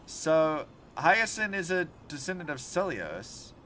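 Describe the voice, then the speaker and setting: A man's voice: a little high, slow pace, crowd noise. A young man streaming a game, chatting casually and swearing freely as he reacts. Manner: animated, profane, talks to chat while playing. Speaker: vtuber streamer. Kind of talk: casual gaming livestream chat.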